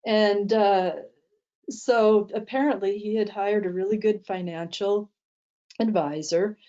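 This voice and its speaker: A woman's voice: mid-range voice, steady tone, takes it slowly, warm tone, highs cut off. A woman teaching a mindset talk, telling an anecdote with many fillers and restarts. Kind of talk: storytelling talk to an audience.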